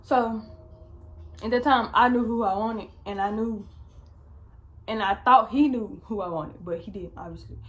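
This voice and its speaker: A woman's voice: mid-range voice, normal speed, long pauses. A young woman vlogger telling a storytime, chatty and slangy, swearing often. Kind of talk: casual storytime.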